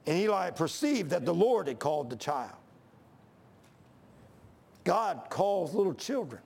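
High, gravelly preacher. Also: male voice, very animated, a little slow, darkish tone. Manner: folksy storytelling, reading scripture aloud. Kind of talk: sermon.

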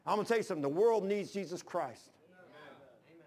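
A man's voice: high voice, expressive, brisk, darkish tone. A man, preaching a sermon as pastor in an impassioned, folksy storytelling way.

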